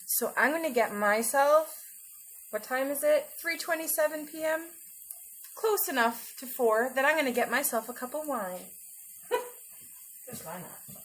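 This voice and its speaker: Woman streaming herself cooking, bouncy up and down voice, slow easy pace, bit of faint room hum. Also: high voice, expressive, a bit bright. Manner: chatty, giggly, talks to chat while cooking. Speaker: livestreamer cooking. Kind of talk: casual cooking livestream chat.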